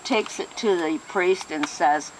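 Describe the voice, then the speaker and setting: A woman casually telling a joke, animated and correcting herself as she goes. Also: on the low side, slow, slight background noise, poor audio. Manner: animated storyteller, self-correcting. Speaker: joke teller.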